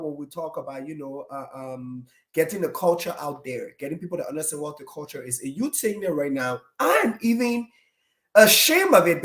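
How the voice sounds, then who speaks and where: A woman's voice: lowish voice, fairly bright tone. A woman hosting a casual online interview, enthusiastic and talking straight to her viewers. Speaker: talk show host. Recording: echoey room.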